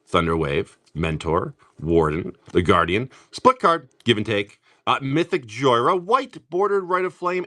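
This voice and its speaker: A man's voice: mid-range voice, bright, forceful tone. A middle-aged man hosting a live stream, opening card packs, rattling off card names and telling joking stories in casual chat. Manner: rapid card-name rundowns mixed with joking stories.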